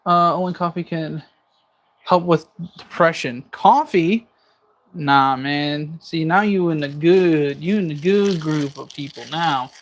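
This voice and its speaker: A man with a slightly high voice hosts a casual livestream from his kitchen, speaking slowly while he cooks. He banters and jokes, reading viewer comments aloud.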